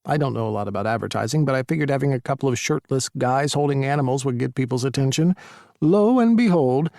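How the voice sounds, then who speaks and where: A man narrating a first-person romance audiobook in a steady storytelling manner. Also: mid-range voice, fast, gravelly, no room sound, clean studio sound.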